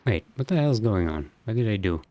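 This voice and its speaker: A man's voice: fairly low pitch, sing-song, a little fast, mellow. A man streaming a factory game, thinking aloud in a loose, rambling way and swearing now and then. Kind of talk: casual gameplay commentary.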